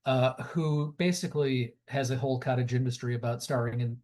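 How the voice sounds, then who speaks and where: A man's voice: medium pitch, fairly even intonation, fairly quick, darkish tone. A man in his forties co-hosting a podcast in casual chat, tossing in trivia asides with a chuckle. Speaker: podcast co-host.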